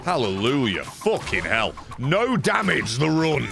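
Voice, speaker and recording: A young man commentating his own gameplay on a live stream, profane and animated, grumbling then yelling at the game. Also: mid-range voice, unhurried, creaky, background noise. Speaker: gaming streamer. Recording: game music behind voice.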